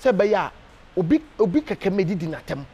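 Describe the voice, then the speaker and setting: A Ghanaian man giving an animated, emphatic casual interview, full of hesitation fillers. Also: high-pitched, brisk, slightly rough, muffled recording. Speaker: interview guest.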